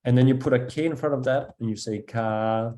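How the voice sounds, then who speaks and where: A man with a Danish accent gives a patient one-on-one pronunciation lesson, modelling sounds slowly and praising the learner's attempts. His voice is mellow and dark, sitting at an ordinary middle pitch. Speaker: language teacher.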